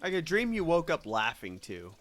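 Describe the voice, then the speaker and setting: A man's voice: fairly high pitch, moderate pace. A man hosting a podcast, telling stories in casual chat and swearing freely. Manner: swears freely, animated storytelling. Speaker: podcast host.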